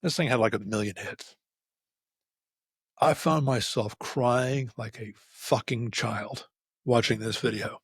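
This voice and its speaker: A man's voice: mid-range voice, slow, breathy edge, dry recording, clean studio sound. A middle-aged man hosting an unscripted solo podcast episode, telling stories candidly and rambling with frequent restarts. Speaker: podcast host. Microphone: facing camera, close mic.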